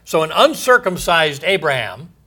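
A man teaching from the Bible in a sermon, reading verses aloud with emphasis and pausing with many fillers. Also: a little high, big pitch swings, bright, forceful tone, slightly rough.

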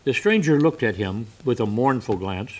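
A man preaching a sermon and telling a story, often coughing and clearing his throat. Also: medium pitch, expressive, moderate pace, slight background noise.

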